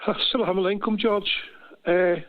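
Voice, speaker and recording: A man's voice: high voice, steady tone, moderate pace, dry recording. A man with a Glaswegian accent calling into a talk show, earnest and emotional, rambling with many restarts. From Scotland. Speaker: caller. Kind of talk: emotional phone-in call. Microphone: phone. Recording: dry, tinny phone line.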